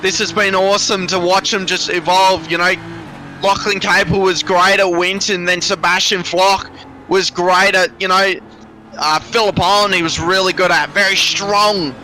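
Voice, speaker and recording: A man calling a sim race live, excitable and rambling, a little out of breath. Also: sits high, moderate pace. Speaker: sim racing commentator. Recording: noisy background.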